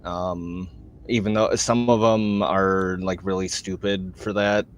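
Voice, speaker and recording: A man in a casual voice chat calmly explaining game achievements with lots of ums and likes. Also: sits low, slow, slight background noise. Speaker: guest explaining game features.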